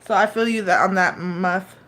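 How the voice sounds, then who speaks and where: A woman's voice: mid-range voice, steady tone, normal speed, a bit bright. A woman in her thirties chatting casually on a live stream, loose and profane, rambling with lots of fillers and restarts.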